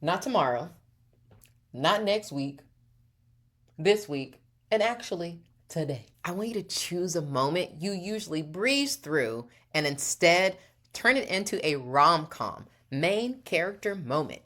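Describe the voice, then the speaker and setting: A woman's voice: on the low side, animated, measured pace, a bit bright. A woman hosting a motivational show who talks in a playful, theatrical way, calls the listener darling and laughs often. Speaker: podcast host. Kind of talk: upbeat motivational talk.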